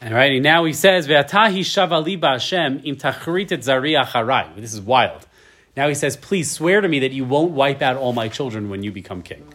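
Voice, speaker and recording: Animated and fairly quick, a man in his thirties with a medium-pitched, fairly bright voice teaches a casual Torah class. He reads every verse aloud in Hebrew, translates it, and chattily keeps asking "right?".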